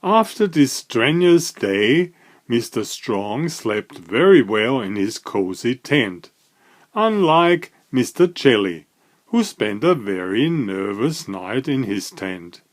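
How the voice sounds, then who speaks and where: A man reading a children's picture book aloud, with slow, lively storytelling. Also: mid-range voice. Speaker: storybook reader.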